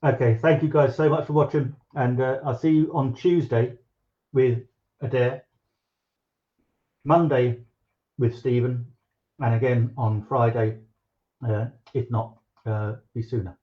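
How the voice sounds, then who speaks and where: A man's voice: mid-range voice, steady tone, measured pace, pauses often. Guy rambling on his cooking livestream, lots of uhs and ums, kinda dull lo-fi sound. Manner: rambling, many fillers and restarts. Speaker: live stream host. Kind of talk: casual live-stream chat.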